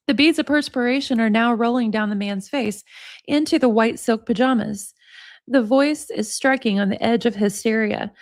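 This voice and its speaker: A woman's voice: on the high side, no room sound, clean studio sound. A woman hosting a livestream, reading a book aloud expressively, with chatty asides to her viewers. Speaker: livestream host. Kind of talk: book reading with casual chat.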